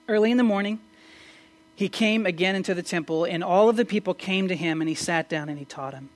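A pastor giving a conversational Sunday-morning sermon in church, often asking rhetorical questions and stumbling into quick restarts. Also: mid-range voice. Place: church service.

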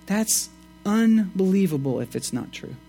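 A man preaching a sermon, reading scripture and explaining it with emphatic rises and quiet asides. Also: a little slow, breathy edge, faint music behind. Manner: expressive, swings between emphatic rises and low asides. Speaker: pastor.

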